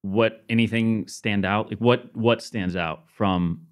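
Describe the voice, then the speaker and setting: A man interviewing on a podcast, reading listener questions in a brief, relaxed way. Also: fairly low pitch, takes it slowly.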